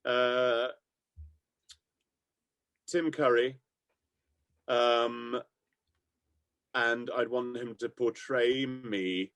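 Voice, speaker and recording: A man's voice: medium pitch, fairly even intonation, very slow, long pauses, a bit bright, no room sound. A man telling enthusiastic, rambling anecdotes about his music career in a casual interview, laughing often. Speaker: musician guest.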